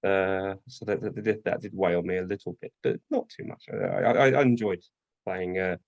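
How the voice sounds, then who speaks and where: A man's voice: low voice, steady tone, brisk, dry recording, dull audio. A man who does voice acting, talking as a guest on a podcast, hesitant and full of fillers. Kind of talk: casual chat.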